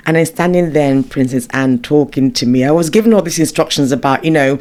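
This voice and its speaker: Animated middle-aged woman telling stories. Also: deep voice, fast talker. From United Kingdom. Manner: animated, emotional storytelling with lots of quoted inner thoughts. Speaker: guest. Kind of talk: casual interview chat.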